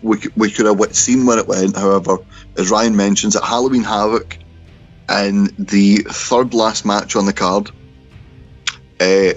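A man co-hosting a casual wrestling podcast, recapping events in a wry, storytelling way. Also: fairly low pitch. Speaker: podcast co-host. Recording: dull, lo-fi remote call.

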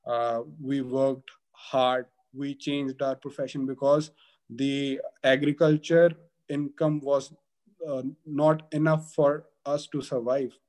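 Halting, slow-talking man. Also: medium pitch, flat delivery, a little mellow. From Punjab, India. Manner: halting, many fillers and restarts. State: getting emotional. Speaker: guest, advocate. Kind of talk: emotional interview conversation.

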